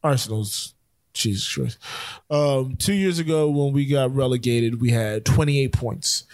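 A young man co-hosting a casual sports podcast, talking fast and rambling with many restarts and corrections. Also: medium pitch, a little mellow, no echo, clean studio sound. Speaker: podcast co-host.

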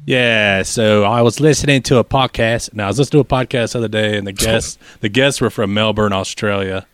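A man's voice: on the low side, fairly even intonation, brisk, a bit bright, clear, resonant tone, no room sound, studio quality. A man co-hosting a podcast, arguing his point in a casual group chat. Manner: argumentative, makes a point. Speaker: podcast co-host.

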